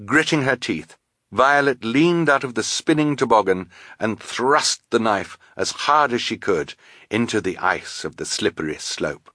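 Audiobook narrator, man, low and measured, dry booth. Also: expressive, sharp tone, no room sound. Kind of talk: scripted narration.

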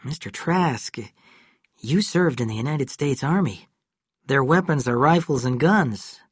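A man's voice: medium pitch, animated, measured pace, breathy edge, no echo, clean studio sound. A man voicing a stern young deputy sheriff who presses firm questions. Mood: stern, pressing.

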